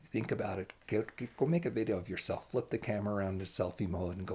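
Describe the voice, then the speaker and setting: A man giving an animated, emphatic channeled spiritual talk, now and then dropping to hushed asides. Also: on the low side, fairly quick, breathy edge.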